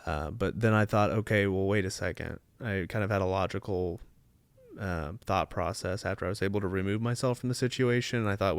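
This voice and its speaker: A man co-hosting a casual podcast, explaining things in a measured way with some restarts. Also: low-pitched, clear, resonant tone, no room sound. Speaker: podcast co-host. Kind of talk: casual chat. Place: home studio, seated on a couch.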